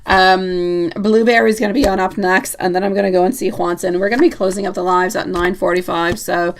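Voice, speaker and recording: A woman's voice: fairly low pitch, steady tone, a little fast, slight background noise. A woman hosting a live tarot reading stream, chatting casually with viewers, teasing and laughing often.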